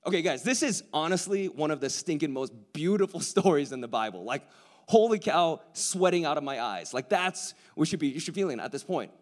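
Preacher swinging from whisper to excitement. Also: male voice, fairly high pitch, a little fast. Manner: swings from hushed near-whisper to loud excitement, casual slang. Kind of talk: sermon. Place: large hall with hundreds of people.

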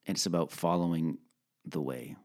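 A man's voice: a bass voice, moderate pace, a little mellow. A man who is a pastor, talking earnestly and emphatically in a faith podcast chat, repeating points for stress.

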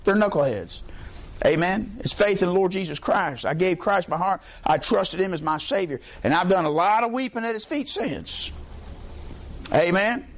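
A man preaching a sermon, impassioned and folksy, climbing to near-shouts. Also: high-pitched, expressive, moderate pace.

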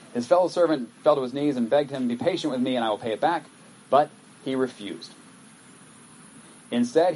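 Male pastor, mid-pitched, chatty sermon delivery with scripture readings, faint hiss behind. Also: darkish tone, rough recording. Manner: conversational, reads scripture aloud with acted asides.

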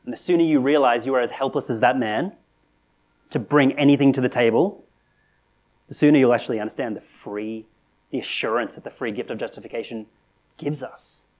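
A man preaching a sermon in a conversational, earnest way, asking rhetorical questions and rising to animated emphasis. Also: mid-range voice, fairly quick. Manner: conversational with frequent restarts and "right?".

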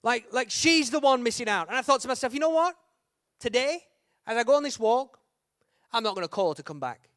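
A young man preaching a humorous sermon, telling a story with lively acted-out quotes and sudden shouts. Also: very high voice, a little fast, no room sound, clean studio sound.

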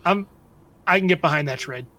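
A man playing in a tabletop game, joking and talking quickly in casual banter. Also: on the high side, pushed and bright. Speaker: player.

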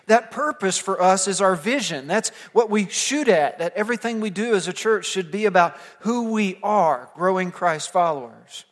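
A male pastor preaches from the pulpit, his slightly high voice carrying a long reverb tail through the sanctuary. He tells stories earnestly, swelling to emphatic points and then sinking to near-quiet asides. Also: lively intonation, normal speed, hardly any pauses. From United States. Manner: storytelling, earnest, builds to emphatic points then drops soft. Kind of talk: sermon. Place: church sanctuary.

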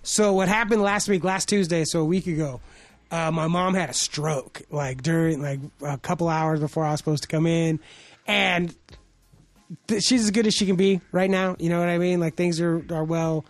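A man's voice: a little high, fairly even intonation, normal speed, no room sound. A man co-hosting a podcast, telling a personal story in a casual, profane, rambling way. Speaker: podcast co-host. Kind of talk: casual chat.

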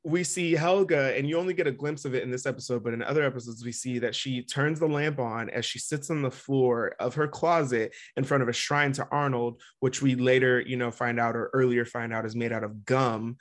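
A man co-hosting a podcast, casually recapping a cartoon episode over a video call, chatty, with quick asides. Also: medium pitch, fairly even intonation. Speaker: podcast co-host.

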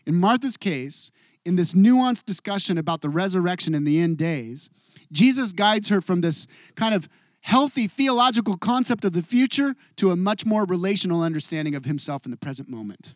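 A middle-aged man preaching a sermon as pastor, expressive, moving between hushed and emphatic delivery. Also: high voice, moderate pace, no echo, studio quality.

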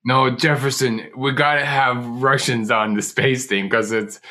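A man's voice: mid-range voice, fairly even intonation, a little slow, bright, forceful tone. A man playing a clingy, dramatic dying male astronaut in a live improv scene, pleading melodramatically.

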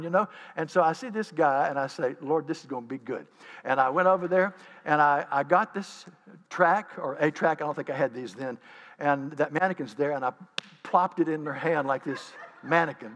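A man preaching a sermon, telling stories and acting out the scenes with lively animation. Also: on the high side, long reverb tail. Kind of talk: sermon storytelling.

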